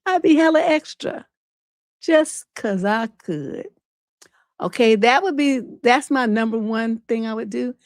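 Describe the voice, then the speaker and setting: Blunt, profane woman coach, high voice. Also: a little slow, dry recording, studio quality. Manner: blunt, profane, animated storytelling. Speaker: relationship coach and livestream host. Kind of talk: unscripted advice livestream.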